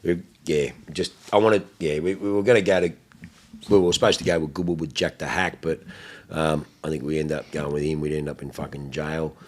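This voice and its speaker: A man's voice: extremely low pitch, steady tone, fairly quick. Swearing, rambling Australian man. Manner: profane, rambling, laughs through his stories. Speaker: podcast host. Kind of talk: casual chat.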